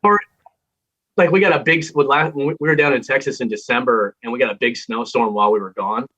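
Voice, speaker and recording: A man's voice: medium pitch, fairly even intonation, a little fast, bright, forceful tone. A man with a Minnesotan accent, a radio host chatting as an interview guest, rambling and laughing often. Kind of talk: casual interview chat. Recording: dull lo-fi remote audio.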